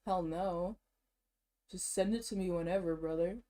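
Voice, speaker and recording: A woman streamer chatting casually to herself while shopping and browsing online, excitable and slangy, laughing often, a bit out of breath. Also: lowish voice, moderate pace.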